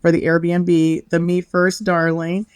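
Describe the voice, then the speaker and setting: A woman's voice: on the low side, level tone, slow, smooth, dry recording. A middle-aged woman on a podcast, a bubbly storyteller who acts out quotes and laughs often. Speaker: podcast guest, wellness author. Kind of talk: casual interview chat.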